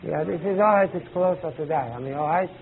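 A man teaching a class, halting and searching for words, with emphatic rising questions to students. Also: on the high side, vocal fry. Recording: tinny lo-fi old tape recording with faint hiss.

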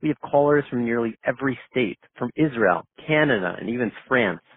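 A man hosting a daily prayer call, introducing the speaker in a formal, measured way. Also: medium pitch, animated, husky, no room sound. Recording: tinny dry phone line.

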